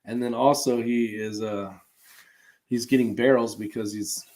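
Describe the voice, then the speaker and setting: A man hosting a relaxed livestream, reading viewer comments aloud and chatting loosely with plenty of fillers and chuckles. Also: medium pitch, a little slow. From California. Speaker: host reading live chat. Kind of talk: casual livestream chat.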